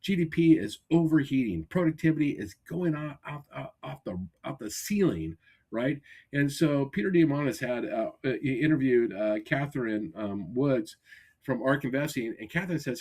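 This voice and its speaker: A man hosting a casual podcast over a remote call, talking in an energetic coaching tone with many restarts. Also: medium pitch, brisk, breathy edge. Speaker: podcast host. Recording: glitchy remote call audio.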